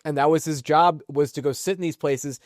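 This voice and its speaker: A man's voice: on the high side, fairly even intonation, fairly quick, no room sound, clean studio sound. A man co-hosting a podcast, telling business stories in casual chat and laughing between points. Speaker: podcast co-host.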